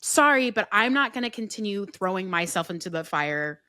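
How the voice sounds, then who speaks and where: A woman's voice: medium pitch, lively intonation, moderate pace, bright, forceful tone, smooth, no echo, studio quality. A woman speaking as a guest on a dating podcast, emphatic and peppered with "like" fillers. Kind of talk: casual podcast chat.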